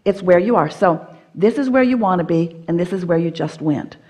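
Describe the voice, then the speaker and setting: A woman's voice: lowish voice, animated, moderate pace, a little mellow. A woman teaching at a live seminar, speaking as "we" and coaching an audience member step by step in a firm, playful manner.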